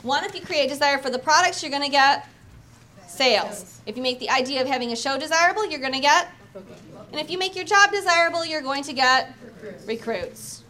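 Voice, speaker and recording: A woman sales trainer coaching an audience on opening talks, acting out sample pitches with energy and emphasis. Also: animated, fairly quick, sharp tone. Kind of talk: training talk with demonstrations.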